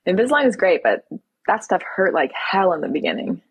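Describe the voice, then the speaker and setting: A woman's voice: mid-range voice, very animated, a little fast, breathy edge, dry recording, rough recording. A young woman from Toronto hosting a casual live stream, reading viewer questions aloud and answering them candidly. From Toronto, Canada. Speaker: livestream host.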